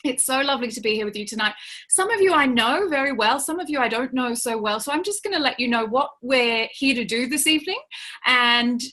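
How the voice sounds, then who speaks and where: A woman hosting a live spiritual webinar from home, greeting viewers warmly by name. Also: on the high side, expressive, fairly quick. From Australia. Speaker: webinar host, spiritual teacher. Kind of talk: live online webinar talk.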